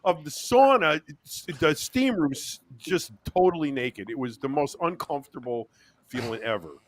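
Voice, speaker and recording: Male co-host, high and swooping voice, acts out every character in his stories. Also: lively intonation, moderate pace. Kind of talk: casual storytelling chat.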